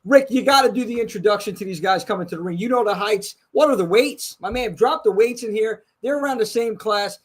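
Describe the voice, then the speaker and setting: High-pitched Brooklyn-accented man, animated. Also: a little fast, few pauses. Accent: New York, Brooklyn. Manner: animated, joking, swears freely. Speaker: podcast host. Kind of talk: casual live-stream chat.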